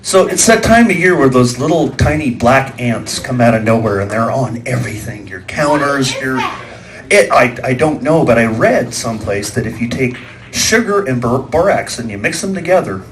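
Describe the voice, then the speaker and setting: A man's voice: medium pitch, expressive, moderate pace. A man performing a stand-up comedy set for a small live audience, telling folksy stories and acting out the voices and sound effects.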